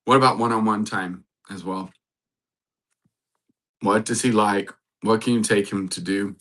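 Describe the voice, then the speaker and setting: Bright, lower-voiced man giving earnest encouragement. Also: steady tone, unhurried. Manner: repeats affirmations in a soft, earnest voice. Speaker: host and matchmaker. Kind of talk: faith-based motivational talk.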